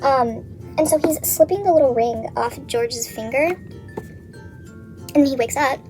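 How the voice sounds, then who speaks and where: While getting ready, a young woman vlogger casually retells a story from memory, rambling, swearing a lot and saying "like" constantly. Her voice is high-pitched and a little mellow at a measured pace, with faint music behind.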